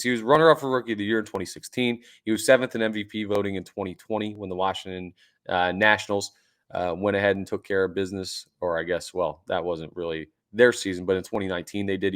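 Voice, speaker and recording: A man hosting a sports podcast, talking excitedly and emphatically, repeating points for emphasis. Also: on the low side. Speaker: podcast host.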